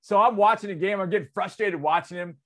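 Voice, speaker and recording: A man in his forties, a sports radio host, telling a story on air in a loose, excitable, conversational way. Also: fast, slight background noise. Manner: animated, excitable storyteller with big swings in loudness and pitch; conversational, drops into loose asides.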